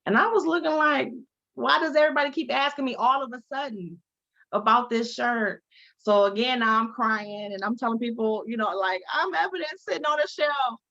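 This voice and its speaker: A woman from Detroit tells her own story in an interview, animated and candid. Her voice has a gravelly edge, and she acts out the people she quotes. The sound is dull, lo-fi video-call audio. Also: fairly high pitch, normal speed. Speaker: guest, advocate and speaker.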